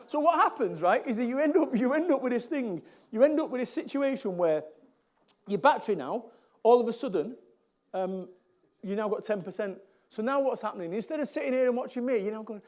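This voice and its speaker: A man with a Mancunian accent whose voice sits very high for a man. He talks to a live audience as a motivational speaker, blunt and jokey, and he hammers points home by saying them twice. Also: expressive, fairly quick, darkish tone. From Salford, England. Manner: blunt, jokey, repeats lines for emphasis.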